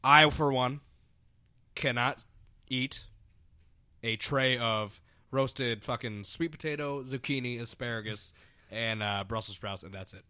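A man's voice: medium pitch, measured pace, long pauses, sharp tone, clean tone, dry recording, clean studio sound. A young man co-hosting a casual drinking podcast, rambling with emphatic, self-mocking asides. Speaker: podcast co-host.

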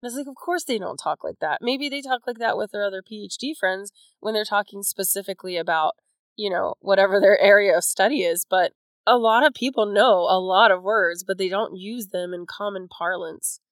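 A woman's voice: medium pitch, fairly quick, dry recording. A woman co-hosting a casual book chat, talking in a chatty way full of "like" and "you know". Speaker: podcast co-host.

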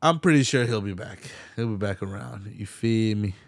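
A young man hosting a solo podcast, talking in a laid-back, slangy, heavily swearing way and getting animated when he retells movie scenes. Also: on the low side, normal speed, gravelly, no room sound, clean studio sound. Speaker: podcast host. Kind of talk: casual solo podcast rant.

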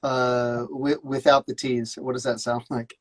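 A man's voice: mid-range voice, flat delivery, measured pace. A man co-hosting a lesson, taking the student role, talking in an upbeat and agreeable way. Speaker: co-host acting as student. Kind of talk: casual chat.

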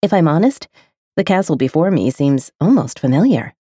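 Female audiobook narrator, low and mellow, intimate expressive read. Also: moderate pace, breathy edge, no echo, clean studio sound. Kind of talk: first-person romance narration.

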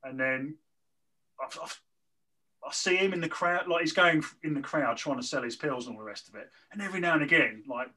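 A man tells a rambling story in a bright, fairly high voice. He talks casually and animatedly, with plenty of fillers and restarts. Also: brisk, low-quality recording. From southern England. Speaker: guest telling a story. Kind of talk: casual anecdote telling.

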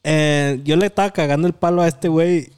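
A young man jokes around with his friends in a somewhat high voice. He switches freely between English and Spanish and teases the others. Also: fairly even intonation, quick pace, darkish tone, smooth. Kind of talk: casual chat among friends.

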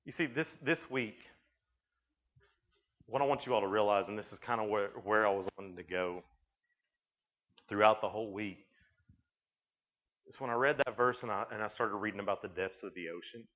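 A man preaching to a youth camp, in a voice that sits a little low. He rambles from story to story and often starts a sentence over. The recording is dull and lo-fi. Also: moderate pace, pauses often, fairly bright tone. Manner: rambling storytelling, frequent restarts. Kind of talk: sermon.

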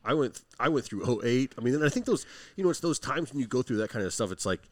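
A man's voice: medium pitch, animated, fast, dry recording. A man hosting a podcast, asking about a guest's business and sharing his own story in loose, filler-heavy talk. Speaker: podcast host. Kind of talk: casual interview.

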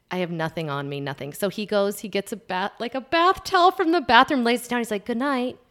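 A middle-aged woman hosting a casual podcast, telling a story with a lot of laughter and going quiet at the embarrassing parts. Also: on the high side, fairly quick. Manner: animated storyteller, laughs often, drops to a hushed voice at the embarrassing parts. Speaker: podcast host.

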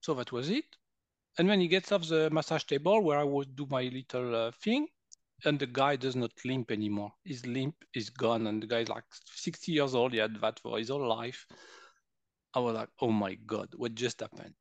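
Speaking at a moderate pace and medium pitch, a guest energy healer from France in his fifties tells personal stories during a conversation. His French accent comes through as he animatedly plays out quotes and laughs often. There is no echo.

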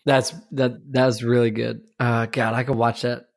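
A man's voice: mid-range voice, level tone, unhurried, vocal fry. A man in casual chat, laughing as he acts out lines from favorite sitcom scenes.

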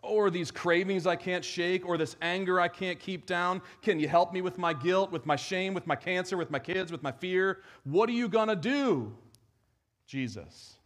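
A man preaching in church with a slightly high voice. His delivery is conversational, moving from strong, raised emphasis to soft, hushed moments. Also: moderate pace. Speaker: pastor. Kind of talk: sermon.

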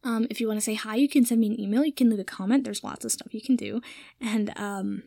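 A woman's voice: a little high, fairly even intonation, fast talker, creaky, mellow, no echo, clean studio sound. A young woman reading fan fiction aloud, narrating the story and then signing off with chatty, rambling asides. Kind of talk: storybook narration with a casual sign-off.

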